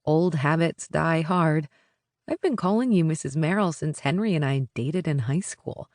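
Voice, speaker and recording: A woman's voice: low voice, normal speed, darkish tone, dry recording. A woman voicing a polite, restrained young bride-to-be in an audiobook, in a dry recording.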